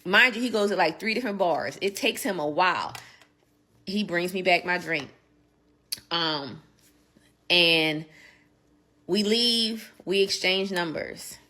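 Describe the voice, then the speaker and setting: A woman's voice: on the low side, slow pace, long pauses, pushed and bright. A woman telling a casual story in a vlog, chatty and emphatic, with sassy asides.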